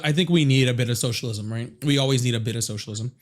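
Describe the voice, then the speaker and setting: A man hosting a casual live political chat, talking fast and joking with viewers. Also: medium pitch. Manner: chatty, fast asides to viewers, laughing exclamations. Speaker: livestream host.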